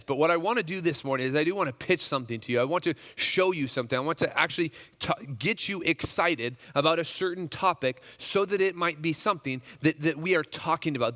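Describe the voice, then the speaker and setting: Bright-voiced male pastor in a hall. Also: on the high side. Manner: conversational, many restarts and fillers, animated. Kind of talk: casual sermon.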